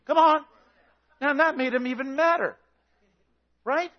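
A man preaches with fiery intensity, his voice sitting high for a man. He shouts his points and acts out the story's characters as he goes. The recording sounds dull and slightly lo-fi. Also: unhurried, long pauses. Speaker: pastor. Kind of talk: sermon.

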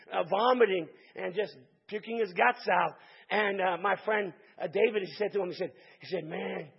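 A man preaching a sermon, calling out to the congregation and building to shouted climaxes. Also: high-pitched, breathy edge, highs cut off.

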